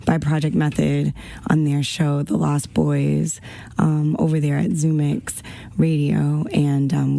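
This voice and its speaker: A woman's voice: low voice, gravelly, mellow, no room sound. A woman co-hosting a casual radio show, chatty and rambling with lots of fillers, a bit out of breath. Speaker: radio co-host. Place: radio studio.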